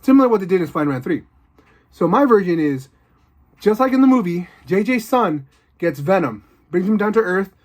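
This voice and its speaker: A man chats casually as he pitches his fan ideas for superhero films, rambling and excitable with plenty of fillers. His voice sits a little high for a man. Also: a little fast. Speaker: video host.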